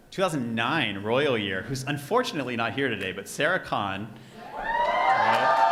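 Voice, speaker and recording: A man's voice: medium pitch, background noise. A man speaking at an event as speaker and emcee, earnest and chatty, often amused at himself, in front of a live audience in a room. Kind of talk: speech and joke to a live audience.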